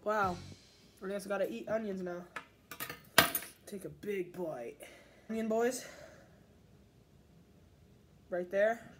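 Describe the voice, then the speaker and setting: A woman vlogging in a casual, playful way, joking with her viewers and breaking into sudden loud exclamations. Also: mid-range voice, slow pace, long pauses, over music. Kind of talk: casual vlog chat.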